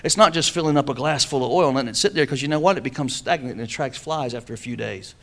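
A man's voice: mid-range voice, fast talker, a bit bright. A man preaching a sermon, calling on the congregation to answer back. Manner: preaching with call-and-response. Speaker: pastor.

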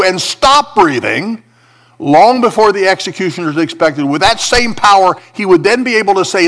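Guy preaching a sermon, slightly high voice that swings way up and down, hammers his points again and again. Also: lively intonation, normal speed, a bit bright. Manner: preaching with rising intensity and repeated emphatic phrases. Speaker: pastor.

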